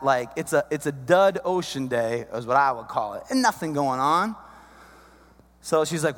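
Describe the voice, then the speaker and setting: A man in his thirties telling a comic story, chummy and animated, talking to the guys. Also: a little high, normal speed. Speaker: comedic storyteller. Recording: echoey hall, long reverb.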